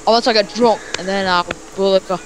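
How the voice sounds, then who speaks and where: A man's voice: high-pitched, fairly even intonation, quick pace, natural voice. A man playing a crude, bossy drunk Scottish father in improvised game role-play, over a noisy recording. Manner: loud, crude, bossy jokes. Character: rowdy drunk Scottish dad, middle-aged man. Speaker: game player.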